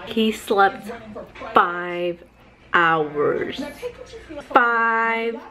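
A woman's voice: lowish voice, moderate pace. Chatty woman vlogging at home. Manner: lively, chatty storytelling with sound effects. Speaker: vlogger and mother. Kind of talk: casual vlog storytelling.

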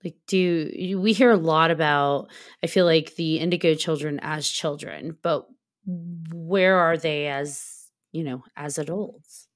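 A woman with a fairly low voice hosts a podcast. She asks her guest follow-up questions in a relaxed, casual way, phrasing them loosely and with curiosity. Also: slow. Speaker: podcast host.

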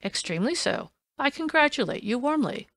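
A woman's voice: sits high, sing-song, a little fast, a bit bright, no echo, voice pushed up, exaggerated voice. A woman voicing a cool, ironic male detective in an audiobook, dry and teasing. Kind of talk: audiobook reading.

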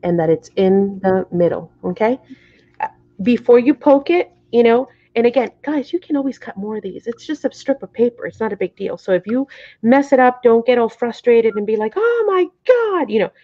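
Her voice sits a little high and she talks briskly as a middle-aged host of a live craft tutorial. Chatty and somewhat flustered, she keeps checking on her viewers and apologizes, thrown off by how the camera is framed. The recording has a dull, lo-fi quality.

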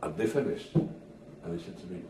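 Older man spinning a lively yarn. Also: low-pitched, normal speed. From Merseyside, England. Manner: lively storyteller who acts out quoted voices and swears freely. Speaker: retired drummer and band agent. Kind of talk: casual interview storytelling. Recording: echoey room from far off with faint hiss.

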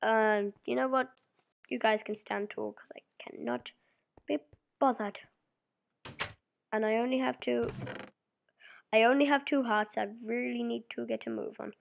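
A woman's voice: fairly high pitch, fairly even intonation, a little slow, creaky, long pauses, muffled recording. A young woman casually commenting on her game play, rambling playfully and acting out silly imagined conversations. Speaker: let's play gamer. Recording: noisy home mic recording.

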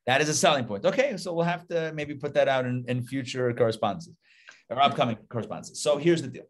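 A middle-aged man, a rabbi, teaching a casual live Torah class, animated and conversational, asking rhetorical questions and repeating himself. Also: mid-range voice, fast talker.

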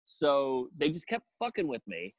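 A man's voice: on the high side, a little slow, no room sound, rough recording. A man tells a rowdy story from his stand-up career in a slightly raised voice, swearing freely and acting out every exchange. The sound is close and dry, with no room around it. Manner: profane, animated storytelling with acted-out quotes. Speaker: comedian guest. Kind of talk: casual storytelling chat.

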